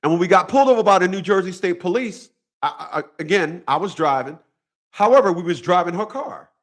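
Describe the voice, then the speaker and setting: Preachy profane man with a higher voice. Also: animated, a little fast, a bit bright. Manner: profane, repetitive, preachy storytelling. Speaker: vlogger. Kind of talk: casual monologue to camera.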